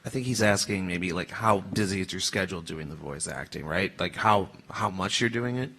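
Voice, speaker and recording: A man's voice: sits low, normal speed, sharp tone. Easygoing male panel host. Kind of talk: moderating a panel.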